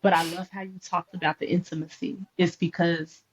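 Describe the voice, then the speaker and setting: A woman in a faith podcast conversation, an animated storyteller who acts out the dialogue she recounts. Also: on the low side, brisk, highs cut off, slight background noise.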